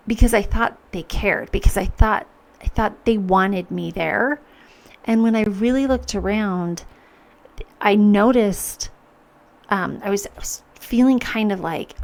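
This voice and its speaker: A woman's voice: medium pitch, gravelly. A woman hosting a podcast, speaking earnestly in a reflective personal monologue, with many restarts as she acts out her own thoughts. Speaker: podcast host.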